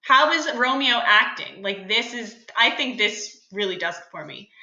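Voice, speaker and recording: A woman's voice: medium pitch, animated, moderate pace, hardly any pauses, bright, forceful tone, muffled recording. A woman teacher talking through a lesson in a casual, chatty way, with joking asides. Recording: roomy echo.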